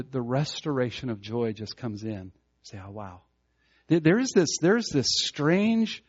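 A man with a mid-range, breathy-edged voice preaches a sermon earnestly, stumbling over restarts and rising to loud fervor as he builds his points. The recording is muffled.

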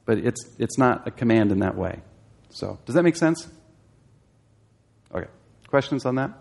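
A man's voice: mid-range voice, expressive, normal speed, vocal fry, darkish tone. A man teaching a Bible study class, explaining a passage and asking his listeners questions, growing emphatic as he exhorts.

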